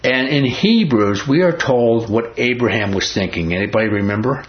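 A man's voice: mid-range voice, expressive, normal speed, dull audio, slight background noise. A man teaching a Bible study in a folksy, emphatic way, often asking the group questions.

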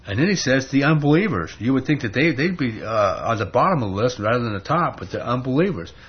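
Husky-voiced man preaching emphatically. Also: mid-range voice, very animated, fast talker. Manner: emphatic, conversational, asks rhetorical questions. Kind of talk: sermon. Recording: dull lo-fi sermon recording.

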